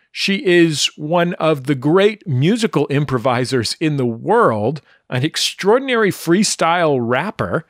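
A man's voice: fairly high pitch, a bit bright, no room sound, studio quality. A man hosting a podcast, reading friendly, enthusiastic introductions. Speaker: podcast host. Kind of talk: scripted show introductions.

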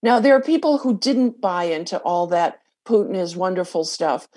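A woman's voice: lowish voice, moderate pace, dark tone. A woman lawyer interviewed on radio, speaking in an earnest, explanatory way.

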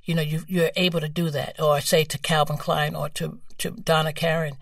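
A woman in her seventies with a New York accent, a guest telling frank, lively stories and laughing easily. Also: deep voice, normal speed, vocal fry, hardly any pauses, no echo, studio quality, far from the mic. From New York, USA. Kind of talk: candid storytelling conversation.

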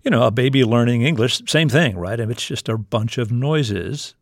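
Curious gravelly-voiced male interviewer. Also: mid-range voice, moderate pace, no room sound, studio quality. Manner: curious, sets up questions conversationally. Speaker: interviewer host. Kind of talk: interview questions.

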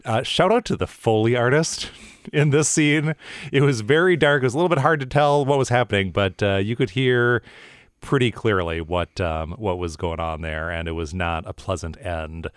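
A man co-hosting a podcast, giving relaxed, wry commentary on a TV episode. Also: fairly low pitch, normal speed, clear, resonant tone, no room sound, clean studio sound. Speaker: podcast co-host. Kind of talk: casual TV recap chat.

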